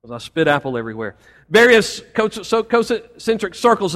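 High-voiced pastor preaching in a reverberant hall. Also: male voice, sing-song, normal speed, a bit bright. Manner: preaching with rising emphasis, folksy asides. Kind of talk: sermon. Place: church sanctuary.

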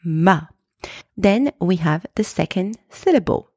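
A woman with a French accent hosting a podcast pronunciation lesson, slowly and carefully sounding out words. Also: on the low side, creaky, a little mellow, no room sound, studio quality. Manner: slow, careful enunciation of example words.

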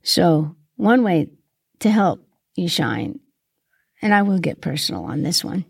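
A middle-aged woman hosting a reflective Christian podcast, asking gentle questions in an earnest way, sometimes choked up with grief. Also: lowish voice, very animated, a little slow, creaky, breathy edge, no room sound, studio quality. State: grieving, occasionally choked up. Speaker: podcast host and Christian mentor. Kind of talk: reflective solo podcast monologue.

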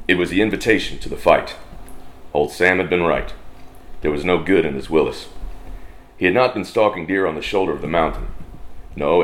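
Deep-voiced Texan man reading a western. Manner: slow, drawling twang, puts on brief voices for characters. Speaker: storyteller. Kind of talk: reading a western story aloud.

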